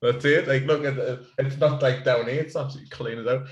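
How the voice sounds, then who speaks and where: A man's voice: medium pitch, steady tone, quick pace, lo-fi sound. Laughing man, echoey room. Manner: laughing, rambling, swearing banter. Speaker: podcast co-host. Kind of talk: casual chat over beers.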